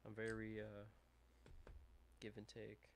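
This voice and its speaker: A man streaming live as he builds a model kit, talking to himself in a mumbling, self-deprecating way that trails off, on a desk mic turned down low. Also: monotone, slow pace. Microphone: desk microphone with low gain. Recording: faint hum and buzz behind.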